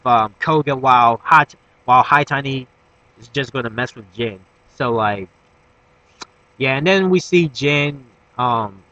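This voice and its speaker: A young man giving a casual episode recap, rambling with fillers and restarts, swearing, and breaking into excitable bursts. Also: mid-range voice, highs cut off. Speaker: anime reviewer.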